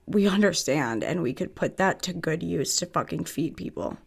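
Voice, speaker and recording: A woman's voice: low-pitched, expressive, moderate pace, creaky, husky. A woman hosting a casual podcast conversation, blunt and emphatic with casual swearing. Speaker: podcast host.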